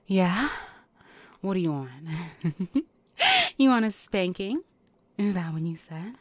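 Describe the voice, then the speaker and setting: A woman in a whispered role-play, teasing and giving commands between breathy whispers and sighs. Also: on the low side, lively intonation, slow, long pauses, darkish tone, no room sound. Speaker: audio role-play performer.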